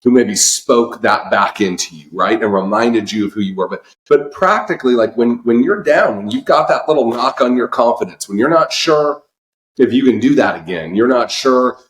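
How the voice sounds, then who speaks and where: A man's voice: mid-range voice, moderate pace. A man hosting a podcast, asking questions and giving motivational reflections, stressing key phrases. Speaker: podcast host. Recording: echoey room.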